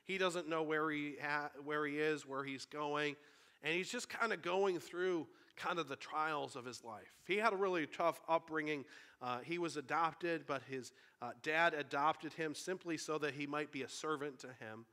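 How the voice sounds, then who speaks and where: A man's voice: fairly high pitch, moderate pace, sharp tone. A man preaching a sermon, retelling a story in an earnest, conversational way.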